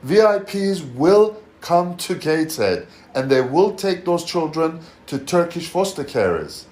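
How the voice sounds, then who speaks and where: A man's voice: fairly high pitch, sing-song, measured pace, darkish tone. A father on a phone call, accusing and confronting the person on the line in a heated rant. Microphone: phone call recording.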